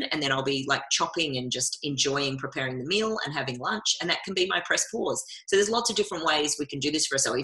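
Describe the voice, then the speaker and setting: A woman's voice: low voice, pushed and bright, echoey room, low-quality recording. A woman talking as a guest in a casual interview, upbeat and coaching in tone. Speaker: guest speaker.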